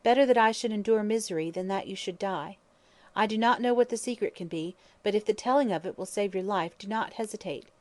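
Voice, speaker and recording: A woman reading an audiobook, voicing a devoted young woman who pleads softly and tearfully. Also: mid-range voice, brisk, close to an everyday voice. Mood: pleading.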